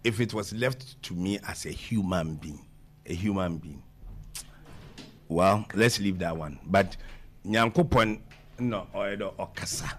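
A man, answering questions in an animated conversational interview and mixing English with Twi. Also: low-pitched, takes it slowly, pauses often. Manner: mixes English with Twi, talks over the interviewer.

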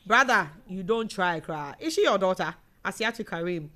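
A young woman hosts a laid-back live show in a Ghanaian accent, reading comments from her audience in a chatty, animated manner. She laughs often, speaking in a mid-range voice at a moderate pace.

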